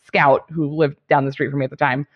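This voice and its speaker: A woman's voice: sits low, flat delivery, a little fast. Woman comic rambling through a story. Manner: rambling storytelling, laughing between thoughts. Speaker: guest comedian. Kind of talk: casual podcast chat. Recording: dull lo-fi sound.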